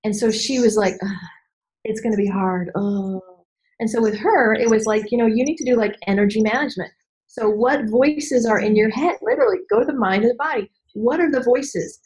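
A woman business coach in a candid podcast conversation, animated and emphatic, acting out voices and repeating key phrases. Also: on the high side, a little fast, low-quality recording. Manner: animated, acts out voices and inner dialogue.

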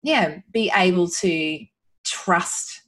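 A woman's voice: on the low side, drawn-out words, fairly bright tone. A woman as a podcast guest, talking earnestly and from the heart about her son, with many restarts and fillers. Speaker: guest, mother sharing her son's recovery. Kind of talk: emotional podcast conversation.

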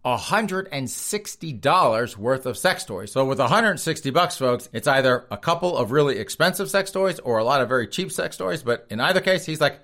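Animated joking man reading odd news. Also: medium pitch, moderate pace, hardly any pauses. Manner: animated, joking, keeps addressing the audience. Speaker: comedic news show host. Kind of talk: comedic news commentary.

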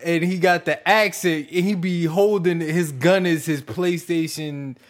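High-voiced man telling a story. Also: measured pace. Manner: animated storytelling, slangy. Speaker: podcast co-host. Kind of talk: casual chat.

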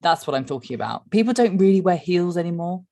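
A woman's voice: lowish voice, expressive, fast, gravelly, warm tone. A woman, chatting as a podcast co-host in a dry, wry way. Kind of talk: casual chat.

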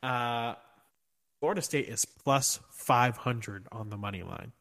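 A man's voice: medium pitch, measured pace, vocal fry, a bit bright, slight background noise. Man, podcast co-host, casual sports chat, joking and hyped.

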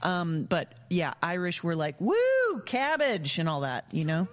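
A woman's voice: low-pitched, steady tone, moderate pace. A woman co-hosting a casual podcast, playful and giggly, rambling through jokes. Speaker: podcast co-host.

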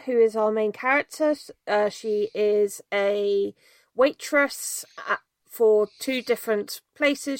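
A woman co-hosting a podcast, recapping a film in a loose, chatty way. Her voice sits a little high. She fills pauses with ums and laughs easily, all recorded dry and close. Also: a bit bright, clean tone, dry recording. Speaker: podcast co-host. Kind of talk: casual film discussion.

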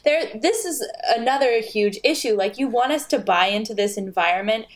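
A woman's voice: fairly high pitch, normal speed. A woman co-hosting a casual chat, upbeat and chatty, asking leading questions. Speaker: co-host.

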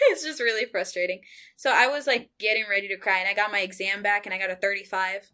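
A young woman co-hosting a podcast, chatting candidly and often laughing as she vents in long, drawn-out phrases. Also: mid-range voice, background noise. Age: young adult. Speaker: podcast co-host. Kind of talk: casual chat.

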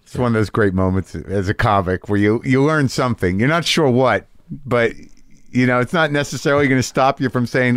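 A man in the host's seat, mid-pitched and thoughtful, who circles around his point with lots of fillers and restarts. His voice sits close and dry on the mic. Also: fairly quick, clean tone, no echo. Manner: reflective, rambling, many fillers and restarts. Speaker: podcast host. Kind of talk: casual podcast conversation.

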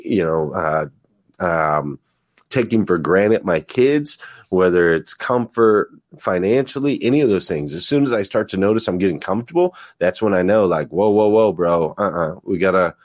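A man's voice: deep voice, expressive, moderate pace, no echo, clean studio sound. A man from the United States, a guest on a podcast, talking in an earnest, reflective way and often repeating words as he thinks. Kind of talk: casual conversation.

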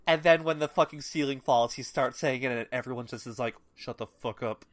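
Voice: mid-range voice, a little fast, no room sound. A podcast co-host in casual conversation about a book, animatedly retelling scenes and acting out characters' lines with laughs. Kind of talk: casual book-club chat.

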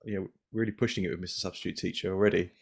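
A man's voice: low voice, steady tone, very fast, gravelly, slightly rough. A man on a casual podcast, making wry jokes about himself. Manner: wry, joking. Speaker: podcast co-host and writer. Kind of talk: casual chat.

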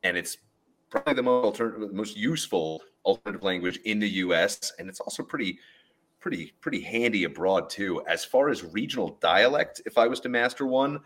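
A man co-hosting a casual podcast chat, animated and swearing casually as he talks. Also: on the low side, brisk, slightly rough. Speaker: podcast co-host.

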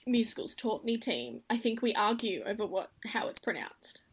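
A woman's voice: medium pitch, very animated, normal speed, husky. A woman with an Australian accent, co-hosting a podcast in casual chat, with dry, teasing humor. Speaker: podcast co-host.

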